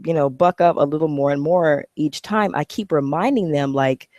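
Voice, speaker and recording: A woman's voice: low-pitched, moderate pace, darkish tone, dry recording. A woman vlogging to camera, talking bluntly and animatedly, swearing freely. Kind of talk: casual talking-head vlog.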